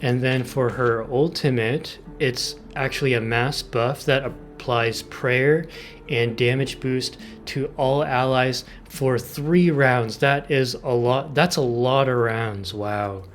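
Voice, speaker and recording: A man's voice: mid-range voice, takes it slowly, faint music behind. A man hosting a gaming video, explaining team setups in casual commentary and exclaiming with enthusiasm over game details.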